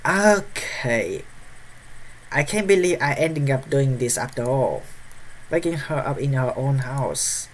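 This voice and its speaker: A man's voice: medium pitch, lively intonation, a little slow, slight background noise. A male streamer reading a visual novel's text aloud during a live let's play, breaking into startled yelps and nervous laughs. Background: faint game music.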